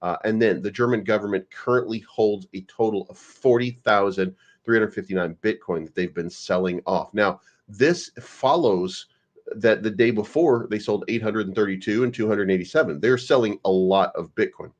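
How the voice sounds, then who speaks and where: Brief: male stream host, lowish voice, wisecracking and loose, muffled lo-fi sound. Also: moderate pace. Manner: joking, rambling, swears often. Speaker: crypto live-stream host. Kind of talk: casual livestream commentary.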